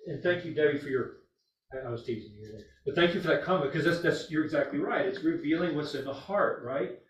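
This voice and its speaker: A man leading a group Bible study, talking in a halting, conversational, gently teasing way. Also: on the high side. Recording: far, roomy, dull recording.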